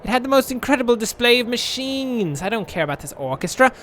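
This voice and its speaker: A man's voice: very high voice, very animated, quick pace, a bit bright. A man reading a text game aloud with playful, rambling, jokey asides. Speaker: game streamer.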